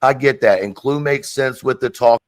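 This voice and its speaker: A man's voice: mid-range voice, normal speed, no room sound. A man in a played clip from a livestream, arguing in an agitated, defensive way and repeating himself. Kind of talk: heated live-stream argument.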